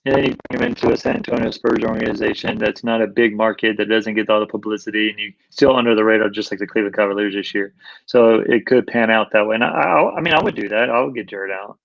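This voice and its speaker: A man's voice: fairly low pitch, fast, creaky, no echo. A man co-hosting a casual sports talk show, rambling and emphatic, repeating himself as he makes his points. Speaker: sports podcast co-host. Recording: dull, lo-fi dry sound.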